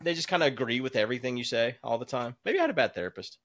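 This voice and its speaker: A man's voice: mid-range voice, expressive, very fast, a bit bright, no room sound. A man co-hosting a casual podcast, asking dry, teasing questions. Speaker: podcast co-host.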